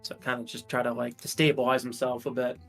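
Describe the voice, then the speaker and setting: A man's voice: medium pitch, completely flat delivery, quick pace, gravelly, a bit bright, soft background music. A man hesitantly describing his character in a tabletop game, full of fillers. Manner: hesitant, full of likes and ums. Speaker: player.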